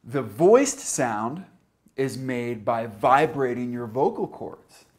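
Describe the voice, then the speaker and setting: A young man teaching English pronunciation in a scripted lesson, enunciating slowly and carefully. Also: medium pitch, animated.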